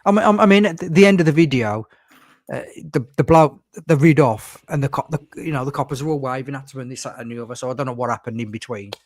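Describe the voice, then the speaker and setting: This podcast host rambles through a casual chat, filling it with fillers and acting out what other people said. His medium-pitched voice is quick, recorded in a clean studio with no room sound.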